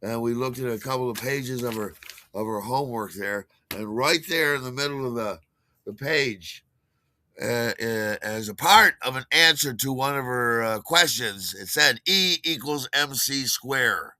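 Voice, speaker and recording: A man's voice: mid-range voice, moderate pace, bright, forceful tone, dry recording. Rambling older male storyteller. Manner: rambling, many fillers and restarts, chuckles at own stories. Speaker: podcast host.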